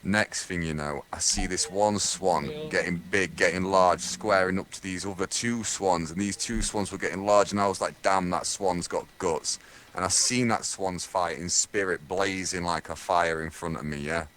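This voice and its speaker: A man's voice: deep voice, steady tone, normal speed, hardly any pauses, fairly bright tone, a little hiss or hum. A young man from Lincolnshire, telling a rambling, crude comic tall tale full of swearing. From Lincolnshire, England.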